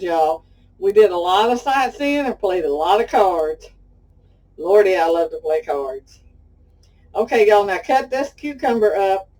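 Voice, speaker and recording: A middle-aged Southern cooking show host from Pasadena, Texas, leads a homey demo, calling her audience "y'all" and drifting into stories. Her voice is medium-pitched, mellow, and warm, with a Texan Southern accent, heard slightly distant from the mic over faint background noise.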